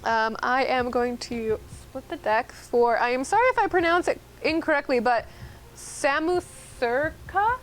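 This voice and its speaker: A woman's voice: on the high side, moderate pace, hardly any pauses, low-quality recording. A woman co-hosting a casual stream, giving a love tarot reading and explaining the cards chattily.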